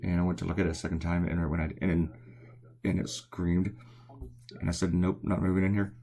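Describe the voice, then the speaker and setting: A man with a low, dark voice and a Southern accent talks with vocal fry, brisk and flat in delivery. He's a cartoonist rambling casually while he draws and answers viewer comments in a live drawing chat. It's nighttime at home, so he keeps quiet to avoid waking anyone.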